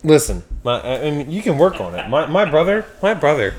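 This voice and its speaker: A man from Pennsylvania hosting a casual podcast, rambling and swearing freely as he talks excitably with a friend. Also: on the high side, fairly quick. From Pennsylvania, USA. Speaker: podcast host.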